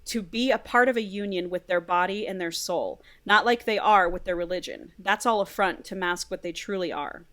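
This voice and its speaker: A woman voicing a cryptic female forest witch in a soft, quieter reading voice. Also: on the low side, moderate pace, hardly any pauses, close to an everyday voice.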